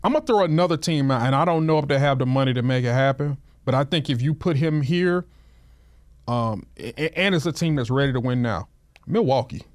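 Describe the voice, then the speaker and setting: A man's voice: mid-range voice, expressive, no room sound, studio quality. A man talking basketball in casual podcast chat, often repeating words as he gets a thought going. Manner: halting, repeats words when starting a thought. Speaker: podcast co-host.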